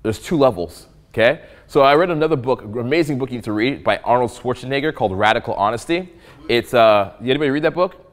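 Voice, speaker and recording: In a live talk before an audience, a dating coach jokes and swears with animated energy, often acting out what people say. He speaks fast in a medium-pitched voice.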